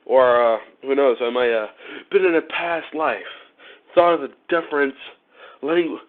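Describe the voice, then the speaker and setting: A man's voice: medium pitch, moderate pace. A man from Ohio chatting and joking with viewers while he wires up a motorcycle, laughing often. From Ohio, USA. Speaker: motorcycle vlogger. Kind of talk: casual live-stream chat while wiring a motorcycle. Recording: phone-like narrow-band audio.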